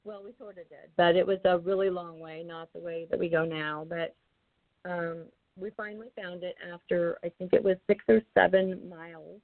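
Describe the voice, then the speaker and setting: A woman's voice: on the low side, fairly even intonation, normal speed. A woman paranormal investigator telling a story in a rambling way, with many ums and restarts. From Arizona. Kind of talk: casual interview storytelling. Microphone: remote call mic, drifting off-mic. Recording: tinny phone-like call line.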